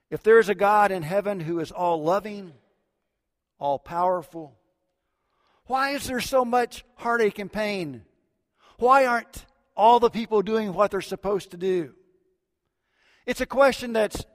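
A middle-aged man preaching a sermon as a pastor, swinging between loud emphatic lines and hushed low ones. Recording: long hall reverb.

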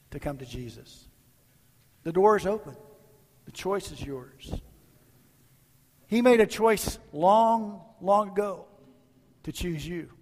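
A middle-aged man, a guest pastor, telling stories in a sermon, swinging from loud bursts to near whispers. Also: a little high, long reverb tail. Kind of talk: sermon with altar call. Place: church sanctuary.

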